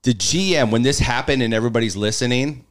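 A man's voice: medium pitch, slight background noise. A man guesting on a podcast, telling a story with lots of energy and laughter and acting out what people said. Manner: energetic, laughs often, acts out quotes; fast, filler-heavy delivery with "literally" and "like". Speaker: podcast guest, stadium in-game host. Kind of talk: animated storytelling in a podcast conversation.

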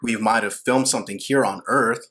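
Husky lowish guy chatting on a podcast, cusses a lot, gets worked up. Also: steady tone, normal speed, a bit bright. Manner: swears freely, riled up. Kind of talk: casual chat.

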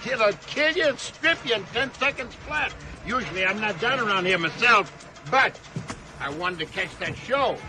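A man's voice: sits high, expressive, moderate pace, poor audio. An actor playing a cheerful, talkative older male cab driver who laughs often, heard as a film clip. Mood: jolly. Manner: laughing, garrulous, folksy. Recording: film clip with music underneath.

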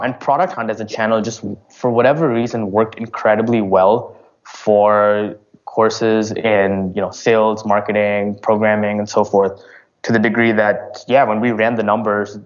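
A man answering interview questions about his business in a casual, halting way, full of fillers and restarts. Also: fairly low pitch, level tone, highs cut off. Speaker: startup founder.

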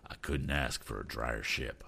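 A man voicing a terse, understated weathered old sea captain, low and quiet, in a storybook reading. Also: unhurried, vocal fry, husky, exaggerated voice. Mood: dry.

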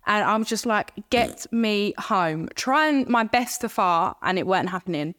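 A woman's voice: mid-range voice, expressive, moderate pace, a bit bright. A young woman, chatting casually on a podcast and telling a blunt, sweary birth story. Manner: blunt, swears freely, tells stories with quoted dialogue. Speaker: podcast co-host. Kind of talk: casual chat.

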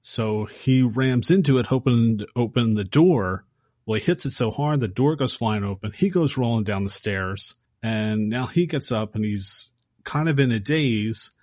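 A man casually recapping a horror film on a podcast, acting out the characters' lines with animated energy. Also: medium pitch, unhurried, no room sound, clean studio sound. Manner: animated storyteller acting out quotes. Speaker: podcast host.

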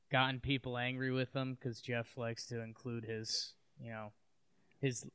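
A man's voice: mid-range voice, smooth, no room sound. A man co-hosting a casual talk show, rambling and hesitant, now and then breaking into goofy singing. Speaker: podcast co-host. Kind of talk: casual chat.

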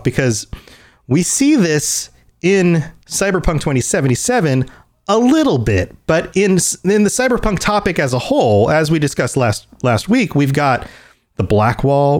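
A man's voice: on the high side, a little mellow. A man hosting a podcast, talking casually and thinking aloud with frequent restarts. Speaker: podcast host.

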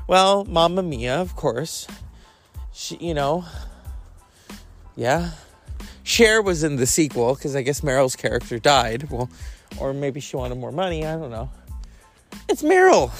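A man hosting a podcast in a loose comic monologue, profane and full of camp asides. His pitch swings widely from line to line, over faint music. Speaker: podcast host.

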